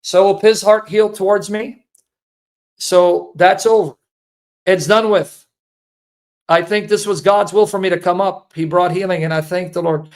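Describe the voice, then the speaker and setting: High-pitched guy telling an emotional testimony, earnest, keeps repeating himself. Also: steady tone, measured pace, long pauses. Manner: earnest, repetitive, pleading. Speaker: apologetics speaker.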